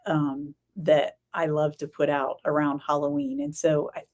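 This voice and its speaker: A woman hosts a casual live-stream chat in a slightly low voice. She rambles easily, with lots of ums and quick self-corrections. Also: level tone, a little mellow. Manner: chatty, rambling, many fillers and self-corrections. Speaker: podcast host.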